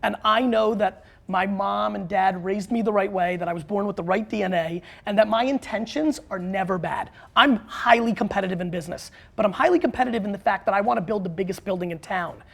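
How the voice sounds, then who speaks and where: A man guest in a studio interview, an author and marketer who talks bluntly and excitably, with quick restarts. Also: sits high, gravelly. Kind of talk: animated interview talk.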